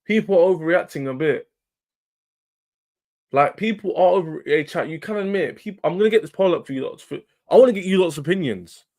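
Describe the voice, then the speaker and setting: A man's voice: high voice, fairly quick, a little mellow. A man hosting a football livestream, talking casually and animatedly to his chat in slang. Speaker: football channel livestream host.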